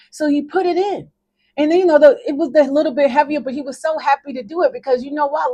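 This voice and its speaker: A woman's voice: high voice, steady tone, fast, warm tone. A middle-aged woman life coach telling a faith parable in an emphatic, conversational, preachy manner. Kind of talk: motivational talk with a faith parable.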